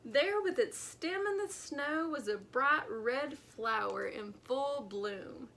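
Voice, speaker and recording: A woman librarian reading a picture book aloud to children at storytime, with slow, expressive narration. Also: high voice, gravelly.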